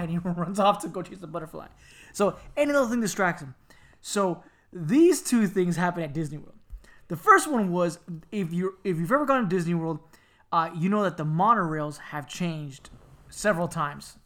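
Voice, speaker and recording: A man from Miami telling a family story in casual chat, animated and laughing, slipping into squeaky voices to act people out. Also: fairly quick.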